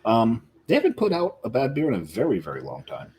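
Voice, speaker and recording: A man's voice: mid-range voice, wildly swooping pitch, fast, a little mellow, a little hiss or hum. A man co-hosting a casual beer podcast, trading wry jokes. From New Jersey. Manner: wry, joking banter. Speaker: podcast co-host. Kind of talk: casual chat.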